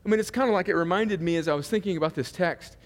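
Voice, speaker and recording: A pastor preaching a sermon in a loose, conversational style, full of humor and asides. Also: male voice, high-pitched, very fast, in a large hall.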